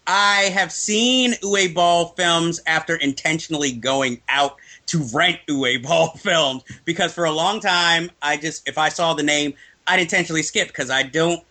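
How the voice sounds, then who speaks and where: Speaking at a measured pace, a guest film reviewer with a sharp, higher-pitched voice talks casually about films. He's opinionated and laughs frequently.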